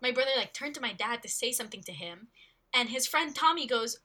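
A woman's voice: a little high, fast, sharp tone. A young woman from the Philippines, co-hosting a casual podcast and chatting with eager agreement. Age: young adult. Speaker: podcast co-host. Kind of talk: casual chat.

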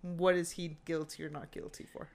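A woman chatting casually, retelling a true-crime story with animated quoted lines and frequent fillers. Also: deep voice, moderate pace, creaky.

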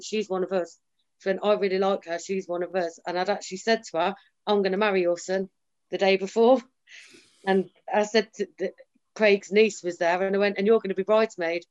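A woman's voice: medium pitch, a little mellow. A woman talking candidly in a casual chat, emphatic and often quoting herself and others. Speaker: guest sharing her story. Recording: slightly dull lo-fi sound.

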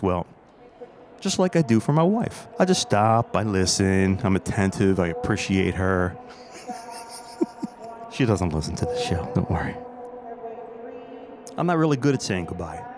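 A chatty, nostalgic man with a fairly low voice hosts a podcast, recording an on-location audio diary. He talks from inside a train station concourse, slipping joking asides into his reflections. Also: a little mellow, slight background noise. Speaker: podcast host.

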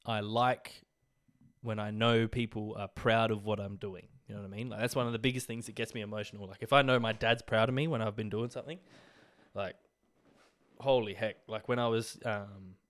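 Low-voiced Aussie bloke rambling casually. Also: male voice, fairly even intonation, brisk, a bit bright. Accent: Australian. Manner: rambling, sweary, filler-heavy. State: getting over illness, coughing. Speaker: podcast host. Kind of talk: casual solo podcast talk.

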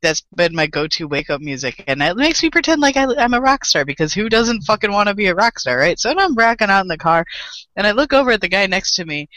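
A woman co-host chats loosely on a live podcast, rambling, swearing and laughing. Her voice is bright and forward, caught close on a dry home microphone. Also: medium pitch, big pitch swings, no room sound, rough recording. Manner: rambling, profane and quick to laugh. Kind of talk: casual chat.

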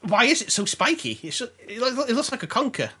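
A man chatting on a podcast with a bright, slightly husky voice that rises and falls in a lively way. He laughs often and swears freely, with a sarcastic streak. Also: extremely high pitch, quick pace. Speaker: podcast host. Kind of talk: casual chat.

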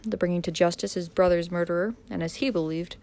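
A woman narrating a dramatic audiobook in a measured way, pressing harder in tense moments. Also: lowish voice, fairly even intonation, darkish tone.

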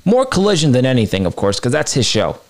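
Fast and with huge swings in pitch, this wrestling podcast host rants his heated, profanity-laced opinions, moving between low muttering and sudden high outbursts.

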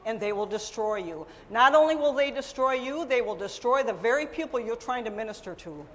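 A middle-aged woman preaching a sermon, telling her own story with emphatic swings between loud and soft. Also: fairly high pitch, expressive, brisk, big-room sound.

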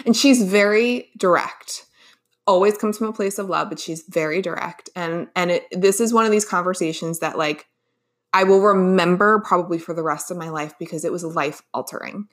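A woman in her forties hosts a solo podcast and talks casually straight to her listeners. She rambles warmly through a personal story, full of fillers and restarts. Her voice sits a little low for a woman. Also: moderate pace. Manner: chatty, many fillers and restarts. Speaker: podcast host.

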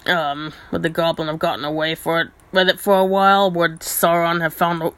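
Woman retelling a story casually, lower voice, dry recording, lots of ums. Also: flat delivery, fairly quick, fairly bright tone, dry recording. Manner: chatty, many ums and asides.

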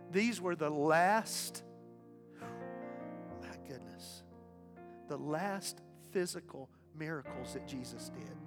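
A man preaching a sermon as pastor, impassioned, swinging from loud declarations to hushed asides. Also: sits high. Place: church sanctuary. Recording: reverberant church hall with faint music.

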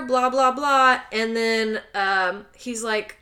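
A young woman co-hosting a casual podcast, animatedly recapping a film plot and acting out the characters' lines in high, loud voices. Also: fairly even intonation, slow, few pauses. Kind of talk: casual chat.

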